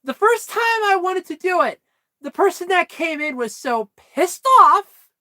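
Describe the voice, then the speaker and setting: A woman vlogger telling stories in a casual chat, animated, swearing freely and laughing often. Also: very high-pitched, unhurried, no echo.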